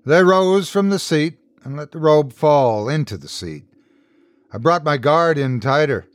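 Man, horror story narrator, first person, deliberate, dry close recording. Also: a little high, lively intonation, no echo. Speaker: host and narrator.

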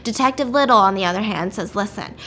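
Chatty woman with a bright voice. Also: on the high side, a little fast, a little hiss or hum. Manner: chatty, blunt, with casual swearing. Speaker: vlogger retelling a story. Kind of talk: casual storytelling recap.

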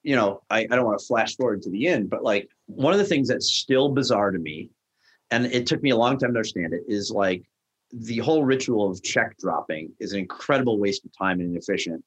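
A middle-aged man in a casual chat, telling a story with lively energy and acting out the lines of the people he quotes. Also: fairly low pitch, brisk, slightly rough. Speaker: guest, restaurant founder.

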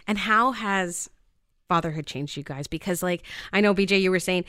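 A woman hosting a parenting talk show, chatting casually with her guests and telling stories with animated emphasis. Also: lowish voice, moderate pace, clear, resonant tone, no echo, studio quality. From Canada. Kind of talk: casual interview chat.

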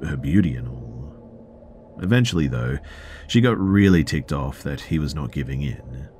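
A man hosting a podcast, reading a listener's first-person story aloud in a measured storytelling way with the odd filler. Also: rumbling low, darkish tone, a little hiss or hum. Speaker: podcast host.

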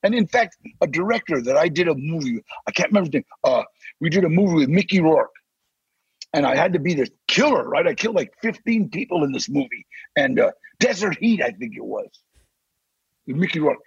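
An older man, a podcast guest, telling animated stories in a casual interview and acting out the voices he quotes. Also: a little high, fairly quick, no room sound. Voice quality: gravelly, husky. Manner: animated, acts out quoted voices, growls threats. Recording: dry, slightly dull sound.

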